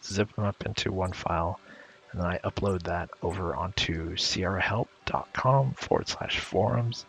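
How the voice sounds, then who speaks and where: A man's voice: low-pitched, moderate pace, gravelly, a bit bright, a little hiss or hum. A man giving casual commentary over a game he played, chatty and playfully paraphrasing the characters' dialogue. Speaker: let's play commentator. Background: game music.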